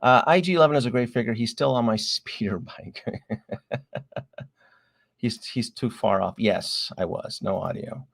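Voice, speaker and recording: A man's voice: mid-range voice, a little slow, creaky, long pauses. A man hosting a casual livestream about collectible figures, talking in a rambling, chatty way and often apologizing to his viewers.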